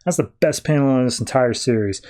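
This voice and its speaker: A man hosting a podcast, casually recapping comic book stories in an animated way, slipping into quoted dialogue. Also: medium pitch, brisk. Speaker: podcast host.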